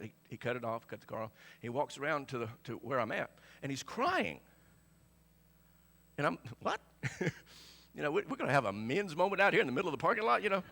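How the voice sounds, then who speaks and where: A pastor preaching to his congregation, his voice higher than most men's and bright and forward. He tells the story in an animated way, swinging widely in pitch as he acts out both sides of a conversation. He often stumbles, repeating and restarting his words. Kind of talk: sermon storytelling.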